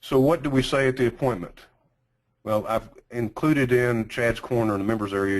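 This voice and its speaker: A man with a Texas accent teaching a sales training class, speaking slowly with deliberate pauses and emphasis. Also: fairly low pitch, low-quality recording.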